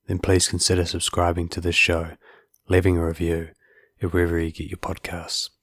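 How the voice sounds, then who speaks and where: Podcast host, male, deep and monotone, earnest and casual. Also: no room sound, clean studio sound. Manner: earnest, repeats words when starting sentences. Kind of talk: casual interview chat and outro.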